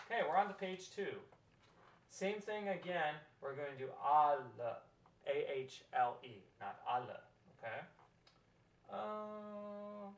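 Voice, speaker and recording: A man's voice: on the high side, distant mic. A man leading a choir rehearsal, walking through the score and singing short phrases as examples. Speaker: choir director. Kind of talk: choral rehearsal instruction. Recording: roomy, from off mic.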